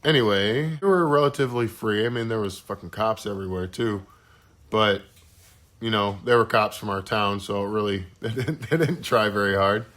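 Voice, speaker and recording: A man's voice: fairly low pitch, moderate pace, a bit bright. Rambling laid-back man in casual chat. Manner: rambling storyteller, swears often. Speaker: podcast co-host.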